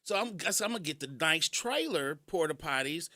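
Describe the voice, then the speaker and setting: Radio host, male, high and very lively voice, laughs often, from Kentucky, dry studio sound. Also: normal speed, no room sound. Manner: animated storytelling, laughs often. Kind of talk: casual radio talk. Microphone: studio mic.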